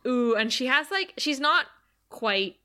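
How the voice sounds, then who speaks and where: A woman co-hosting a casual chat, retelling a TV episode with animated energy and dropping her voice to quote characters. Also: sits high, a little slow, clean tone. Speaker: podcast co-host recapping a TV episode.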